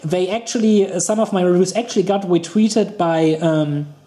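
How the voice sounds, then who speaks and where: German man, mellow voice, roomy sound. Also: high-pitched. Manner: halting, many restarts and laughs. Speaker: podcast host. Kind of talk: casual podcast chat.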